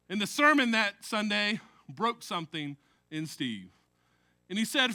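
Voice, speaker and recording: A man preaches with a high and very bright, sharp voice. He keeps it chatty, mixing jokes into the sermon and often tossing a "right?" to the listeners. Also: big pitch swings, a little slow, pauses often. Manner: conversational preaching with jokes and frequent "right?" asides. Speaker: pastor.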